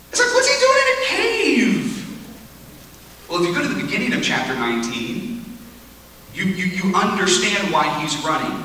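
Animated male preacher in an echoey hall. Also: high voice, a little hiss or hum. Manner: animated, conversational storytelling. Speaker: retreat speaker. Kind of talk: sermon. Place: large hall at a lake camp retreat. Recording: echoey hall, speaker far from mic.

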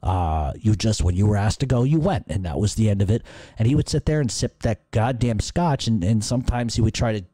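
A man's voice: fairly low pitch, animated, a little fast, warm tone, no echo. A middle-aged man hosting a podcast, answering listener questions in casual, profane, rambling storytelling. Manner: profane, rambling, laughs at own stories.

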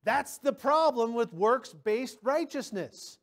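A man with a very high voice and lively intonation speaks at a slow pace. He's a pastor preaching a sermon in a conversational way, sharing personal stories and often repeating words as he begins a sentence.

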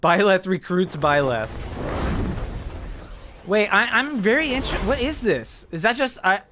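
A man hosting a reaction video to game trailers, talking in an excitable, animated way with quick exclamations. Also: sits high, background noise. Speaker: host. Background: faint trailer music.

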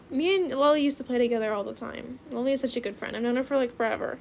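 Excitable teen girl creator, high voice with fry, chatty gameplay commentary. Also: a little fast, a little hiss or hum. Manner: calls viewers bestie. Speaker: gaming video creator.

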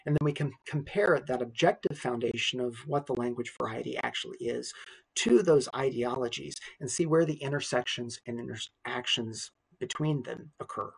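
A man who is a university lecturer, explaining in a measured recorded lecture. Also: mid-range voice, creaky, slightly rough.

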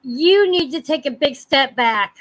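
High-voiced apologetic woman, dry sound. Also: lively intonation, measured pace, fairly bright tone, dry recording. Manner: apologetic, consoling. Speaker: livestream guest. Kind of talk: livestream chat.

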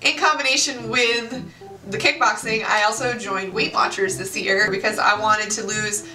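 A YouTuber in her late twenties chats casually to her viewers, bubbly and exclamatory. Her medium-pitched voice sounds pushed and bright, with a steady tone at normal speed. She's far from the mic in a roomy, echoey space, with music playing behind her.

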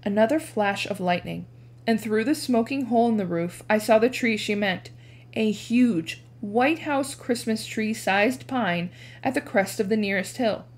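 A woman reads a chapter book aloud in an expressive classroom style. She narrates steadily and lifts her voice for the dialogue. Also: unhurried. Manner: animated, changes pitch for dialogue.

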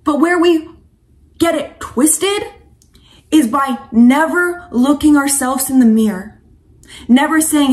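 A woman's voice: sits high, slow pace, pauses often. A woman coach and vlogger giving an impassioned, preachy monologue to camera, casual and slangy, calling viewers sweetheart and honey.

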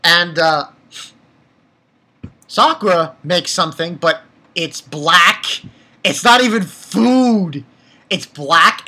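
Young anime reviewer rambling thru an episode recap, bright tense voice, kinda husky, swears a lot. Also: medium pitch, slow, long pauses. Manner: rambling, excitable, swears freely.

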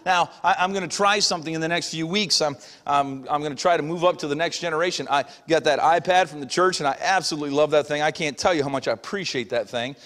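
A man's voice: on the high side, quick pace, hardly any pauses, fairly bright tone. A middle-aged man preaching a sermon as pastor in a folksy, conversational way, acting out little everyday voices. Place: church sanctuary. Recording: long hall reverb.

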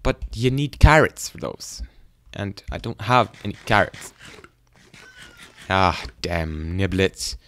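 Low-voiced man rambling through game commentary. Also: lively intonation, slow pace, a bit bright, dry recording. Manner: rambling, goofy, self-deprecating, talks to animals. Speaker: gaming YouTuber.

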